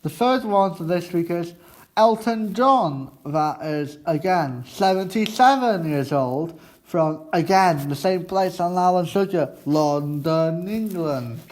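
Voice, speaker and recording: A man hosts a student radio show at a slow, easy pace. His voice sits fairly high, and he rambles through his notes and throws questions to classmates in the studio. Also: animated, a little mellow. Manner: halting, chatty, quizzes classmates in the studio. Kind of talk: casual radio chat.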